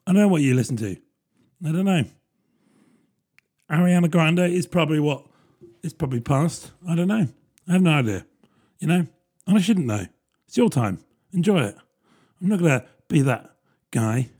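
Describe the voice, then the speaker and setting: A man's voice: fairly high pitch, lively intonation, normal speed, long pauses, darkish tone, breathy edge. A man, rambling through a casual solo podcast with plenty of fillers and self-deprecating asides. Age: 30s. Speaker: podcast host.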